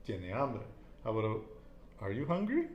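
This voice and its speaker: A man's voice: medium pitch, wildly swooping pitch, moderate pace, echoey room, lo-fi sound, a little hiss or hum. A man teaching a casual Spanish lesson, repeating each answer and praising it.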